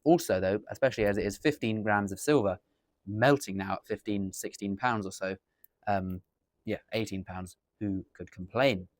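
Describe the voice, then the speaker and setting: Seated at a table indoors, an English man unboxes coins as a dealer, chatting casually, wandering off topic and fixing his own slips. His voice is lowish at normal speed, recorded dry with studio quality.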